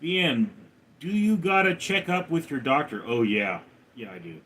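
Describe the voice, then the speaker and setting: A man's voice: expressive, moderate pace, fairly bright tone. Man reading chat aloud on a stream. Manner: reads viewer names and questions aloud, then answers in a low mutter. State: recovering from a hospital stay. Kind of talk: casual live stream chat.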